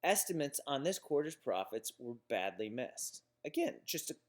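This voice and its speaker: An instructor delivers a recorded lecture on business writing, walking plainly through examples and now and then stumbling and restarting. His sing-song voice sits at an ordinary middle pitch and moves at normal speed.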